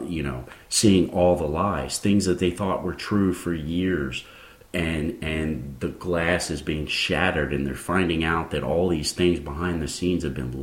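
Deep-voiced earnest male podcast preacher. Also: reverberant. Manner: earnest, rambling, many restarts and fillers. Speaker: Christian podcast host.

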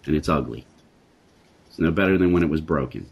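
A very deep-voiced man with a husky, rough-edged tone leads a Christian discussion. He talks in an emphatic, preacherly way and hammers his points home by repeating phrases. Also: lively intonation, a little fast, muffled recording. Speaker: Christian talk show host.

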